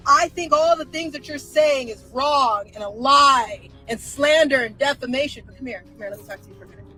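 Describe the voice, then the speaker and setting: A woman putting on the voice of a two-faced authority figure who coaxes someone to come closer for a private talk, hushed and insincere. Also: high-pitched, measured pace, soft background music, poor audio. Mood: coaxing, hushed.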